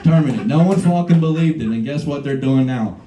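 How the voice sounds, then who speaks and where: A man's voice: fairly high pitch, brisk, dark tone. A young man performing a rambling, profane stand-up set at a small bar, riffing with the audience. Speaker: stand-up comedian. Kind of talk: live stand-up comedy set. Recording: echoey room with crowd noise.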